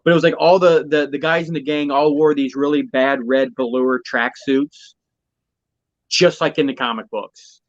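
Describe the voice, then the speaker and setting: A man co-hosting a podcast in casual chat, excitable and gushing, swearing now and then. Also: medium pitch, moderate pace. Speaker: podcast co-host. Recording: dull lo-fi audio.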